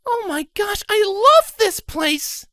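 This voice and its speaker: A man voicing an excited young mare who squeals and gushes in a high voice. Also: brisk, no echo, clean studio sound, exaggerated voice. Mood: gushing.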